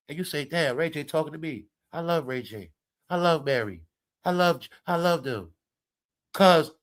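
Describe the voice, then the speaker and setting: A man hosting a live commentary stream, talking straight to his viewers in an animated, preachy way. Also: medium pitch. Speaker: commentary livestream host.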